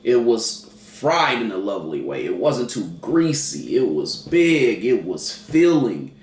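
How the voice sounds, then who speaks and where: A man co-hosting a casual food review, talking in an animated, playfully dramatic way. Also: mid-range voice, measured pace. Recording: roomy and distant with faint noise.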